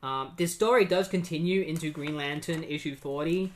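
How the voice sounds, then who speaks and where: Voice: medium pitch, moderate pace, a little hiss or hum. Chatty comic book recap host. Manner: chatty, many "like" and "um" fillers, reads quotes in a plain voice.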